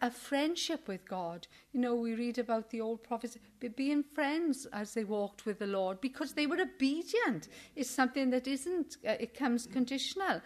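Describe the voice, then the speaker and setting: An older woman with a fairly high voice leads a Bible study in an earnest, chatty informal sermon. She often closes her points with tag questions and animatedly acts out indignant quotes.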